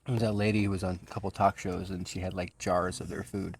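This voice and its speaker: A man's voice: sits low, level tone, quick pace, gravelly, slightly rough. A man co-hosting a casual podcast, laughing often and cracking crude jokes. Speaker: podcast co-host. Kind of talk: casual chat.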